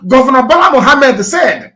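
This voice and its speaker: A man giving an impassioned live broadcast, fiery and scornful, swinging from shouted outbursts to low, slow emphasis. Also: big pitch swings. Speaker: broadcaster addressing his followers.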